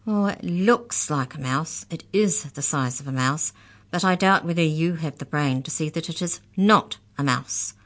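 A woman reading aloud voices a powerful, knowing male dog who speaks slowly and with scorn. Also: deep voice, fairly bright tone. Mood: scornful.

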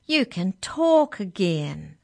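A woman voicing an excitable young boy in a storybook, calling out high and urgent. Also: slow pace, creaky, no echo, clean studio sound, exaggerated voice. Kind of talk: storybook reading.

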